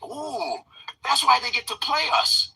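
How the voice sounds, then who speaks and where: A man telling comic stories in a profane, animated way, now and then mimicking other voices. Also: high-pitched, brisk, slightly rough, poor audio. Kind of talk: profane comedic storytelling.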